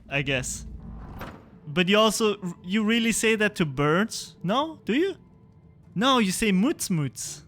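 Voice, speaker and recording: A man's voice: high voice, expressive, measured pace, fairly bright tone, soft background music. A young man streaming a game live, chatting with viewers and laughing often.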